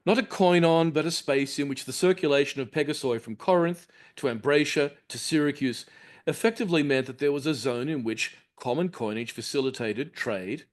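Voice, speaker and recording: Male university lecturer, articulate and measured, mid-range voice, lecture-room delivery. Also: mid-range voice. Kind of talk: academic lecture.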